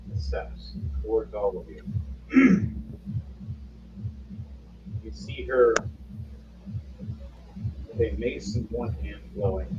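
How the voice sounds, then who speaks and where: Slow-talking game master guy, echoey far-off mic, dull and noisy. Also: fairly low pitch. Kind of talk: narrating a tabletop game. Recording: roomy, distant, dull, noisy.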